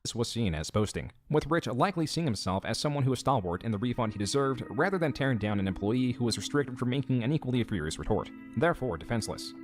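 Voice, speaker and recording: Male narrator, fast and animated delivery, scripted storytelling. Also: mid-range voice. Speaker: documentary narrator. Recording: narration over music.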